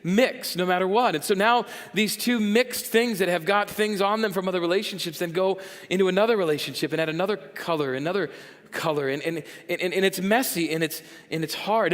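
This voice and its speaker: Guy pastor giving a jokey sermon, higher voice, big church reverb. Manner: animated, jokey, acts out voices of listeners. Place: church sanctuary.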